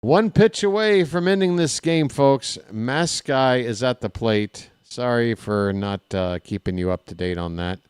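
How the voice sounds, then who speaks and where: Man, baseball play-by-play, slow easy delivery, smooth clear voice, chatty asides to viewers. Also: no room sound, studio quality. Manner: chatty, talks straight to viewers between pitches; candid, self-deprecating asides. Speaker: play-by-play commentator. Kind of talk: casual live play-by-play.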